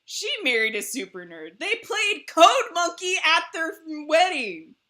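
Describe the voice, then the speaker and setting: Hosting a casual livestream chat, a woman with a very high, unhurried voice shares family stories. Her storytelling is animated and full of laughter.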